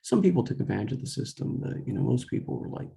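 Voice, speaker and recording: A young man recounts a personal story in a loose, rambling way, stopping often to restart his sentences. His voice is heavily gravelly, with a dark, mellow tone, and he acts out quoted dialogue as he goes. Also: medium pitch, very animated, fast talker. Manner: rambling, full of fillers and self-corrections; quotes himself and others in dialogue.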